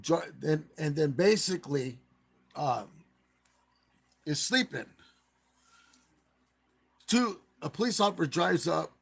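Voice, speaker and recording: Gravelly, husky man rambling live. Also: on the high side, lively intonation, slow pace, pauses often. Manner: rambling retelling with acted quotes. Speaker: live-stream host. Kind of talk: casual live commentary.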